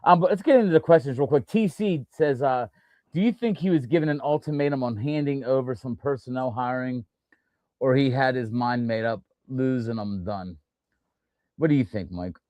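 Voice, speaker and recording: A man's voice: mid-range voice, moderate pace, dark tone, no echo. A man hosting a casual sports talk show, rambling through his points with frequent restarts and fillers. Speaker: podcast host.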